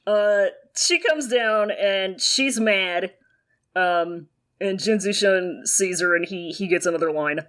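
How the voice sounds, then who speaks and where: A woman co-hosting a podcast in casual chat, giggly and chiming in with quick jokes. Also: medium pitch, fairly bright tone, clear, resonant tone. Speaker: podcast co-host. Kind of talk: casual chat recapping a story.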